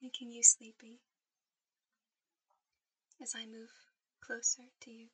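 A woman speaking in a soft, intimate whisper, guiding the listener toward sleep in a whispered role-play. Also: a little high, little pitch movement, takes it slowly, slightly rough, rough recording. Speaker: ASMR performer.

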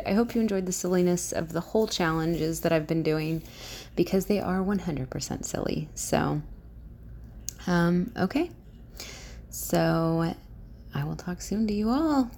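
A woman speaks in a relaxed, rambling monologue, pausing often with fillers and now and then dropping to a whisper. Her voice is low with a gravelly edge. Her tone stays unpolished and chatty. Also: slight background noise. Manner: hesitant, with many fillers, sometimes dropping to a whisper. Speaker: vlogger.

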